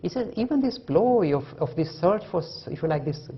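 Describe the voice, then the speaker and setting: A man giving an animated public lecture, telling stories and acting out the voices of the people in them. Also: high-pitched, normal speed, muffled recording. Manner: lively storytelling, acting out quoted voices. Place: lecture hall.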